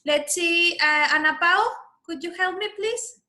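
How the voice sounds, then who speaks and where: A woman's voice: very high-pitched, a little slow, sharp tone. A woman teaching English to children over a video call, patiently coaching their pronunciation and calling on pupils one by one. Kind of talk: online class for children.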